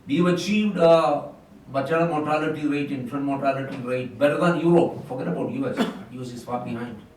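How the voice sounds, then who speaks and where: A man's voice: on the high side, a little fast, a little mellow. An older man with an Indian English accent speaks at a round table, telling emphatic stories from his career in government. His voice carries a heavy echo because he is far from the mic in a hall, with a faint noise underneath. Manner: emphatic, anecdotal storytelling. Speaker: panel speaker, former civil servant and politician. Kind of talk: round table discussion remarks. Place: conference hall.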